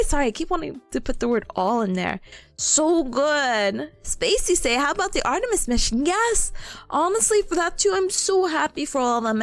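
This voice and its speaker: Woman streamer, giggly and gushing, high lively voice. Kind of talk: casual chat with chat readers.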